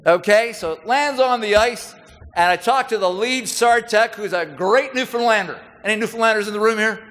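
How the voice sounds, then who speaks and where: A middle-aged senior military leader gives a folksy, conversational public speech full of anecdotes to an audience in a large hall. His voice is high and fairly bright at a normal speed, and the recording carries the hall's reverb.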